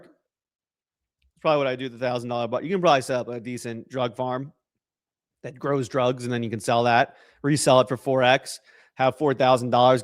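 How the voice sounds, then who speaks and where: A young man hosting a casual livestream, joking and rambling as he reacts to chat messages and donations. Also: mid-range voice. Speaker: livestream host.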